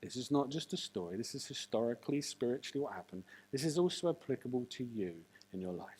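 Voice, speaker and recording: A preacher giving a sermon, animated and full of jokey asides and rhetorical questions. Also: medium pitch, fast, breathy edge.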